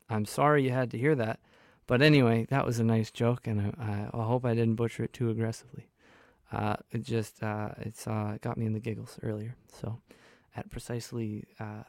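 A man's voice: medium pitch, clean tone, no echo, studio quality. Rambling young man on college radio. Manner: rambling, self-deprecating, hesitant with many fillers. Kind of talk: casual radio chat. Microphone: studio microphone.

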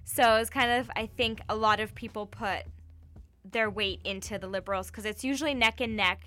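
A woman's voice: medium pitch, steady tone, brisk, sharp tone. A Canadian woman co-hosting a casual chat, talking loosely with lots of fillers and restarts. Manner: chatty, lots of likes and restarts.

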